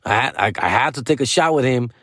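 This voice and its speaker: A middle-aged male comedian rambles through a story on his podcast, swearing often and dropping into Spanish slang. His voice sits at an ordinary pitch, and the sound is dry and close, with no room echo. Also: fast. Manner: profane, slangy, animated, mixes in Spanish phrases.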